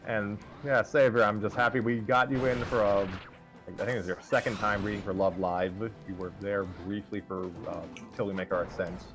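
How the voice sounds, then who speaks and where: A man's voice: lowish voice, steady tone, normal speed, over music. A man hosting a livestream, chatting casually and rambling in a self-deprecating way about his writing. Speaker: host and story writer.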